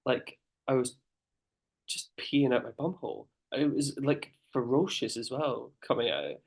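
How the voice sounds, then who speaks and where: A man's voice: mid-range voice, animated, unhurried. A man co-hosting a podcast, talking bluntly and graphically in casual chat. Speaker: podcast co-host.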